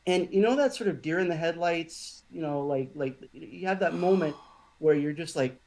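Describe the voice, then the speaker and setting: A man in a casual podcast conversation, telling a personal story in a halting way, with many restarts and fillers. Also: fairly high pitch, gravelly, darkish tone, low-quality recording. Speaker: podcast guest.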